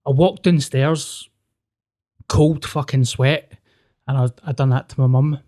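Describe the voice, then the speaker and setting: A man's voice: medium pitch, unhurried. A man telling a personal story on a podcast, casual and sweary, acting out the dialogue. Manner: sweary, animated, acts out quoted dialogue.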